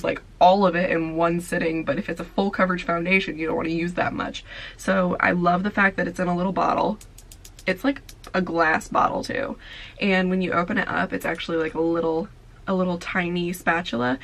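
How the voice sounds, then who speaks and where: A woman's voice: fairly low pitch, low-quality recording. A young woman vlogger, tired and sleepy, chatting casually through a makeup tutorial with lots of filler words. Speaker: beauty vlogger.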